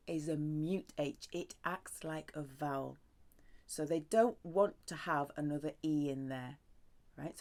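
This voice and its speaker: A woman's voice: fairly low pitch, a little mellow. A woman teaching a language lesson in a playful, sing-song way, with jokes and cheerful exclamations. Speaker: French teacher.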